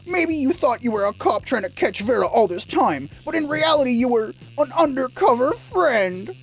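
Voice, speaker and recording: A woman voicing a goofy, excitable young male werewolf student who rambles earnestly. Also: sits high, normal speed, slightly rough, soft background music, voice pushed up, heavily acted, low-quality recording. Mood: pleading. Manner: rambling, earnest, dim-witted.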